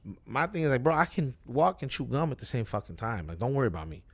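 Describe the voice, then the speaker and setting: Gravelly, rambling man rapper. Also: mid-range voice, sing-song, fast talker. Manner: rambling, profane, loose and self-interrupting. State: high, with cotton mouth. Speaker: rapper guest. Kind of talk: casual live-stream chat.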